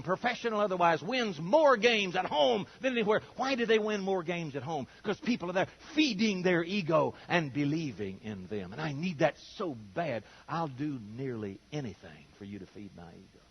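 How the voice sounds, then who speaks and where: A man's voice: high voice, slightly rough, dull audio. An older man preaching a sermon in a folksy storytelling way, acting out the voices of the people he quotes.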